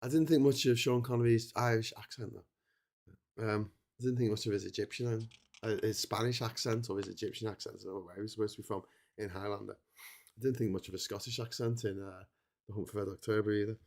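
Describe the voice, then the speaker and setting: Through a streaming setup mic comes a lowish, steady, somewhat gravelly and slightly mellow male voice, talking a little fast. He's a weary middle-aged host on a lengthy solo livestream, chatting casually in a meandering way and cutting himself off.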